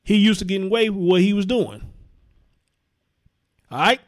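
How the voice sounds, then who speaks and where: A man's voice: high-pitched, lively intonation, moderate pace. A man hosting a live commentary show, reading chat comments aloud and reacting bluntly, with lots of profanity and repetition for emphasis. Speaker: host.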